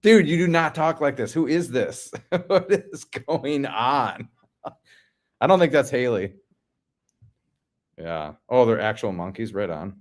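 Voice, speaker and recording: A man's voice: mid-range voice, animated, slow, pauses often. A man from the Midwest hosting a casual livestream, reading out chat comments and answering in a laid-back, slangy way.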